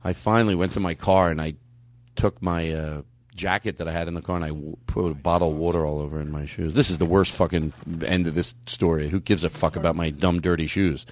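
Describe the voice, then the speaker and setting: A man hosting a podcast, telling stories in casual, animated, profane comedic chat. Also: sits low, a little fast. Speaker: podcast host.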